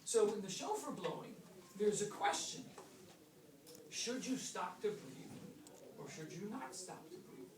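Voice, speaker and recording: A woman teaching a class, playfully quizzing her students with lots of questions and lively swings in her voice. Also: unhurried, a crowd in the background. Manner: playful, asks many questions, animated swings in pitch. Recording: echoey room, mic far off.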